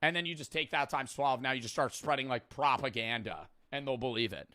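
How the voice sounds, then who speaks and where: A man's voice: mid-range voice, brisk, sharp tone, dry recording, clean studio sound. A young man streamer giving blunt, profane, rambling commentary while reacting to a prank video.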